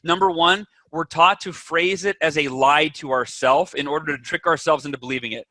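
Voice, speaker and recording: Bright, energetic man guest. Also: a little high, brisk, dry recording. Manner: energetic, emphatic, acts out inner voices. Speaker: podcast guest, author. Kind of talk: animated interview talk.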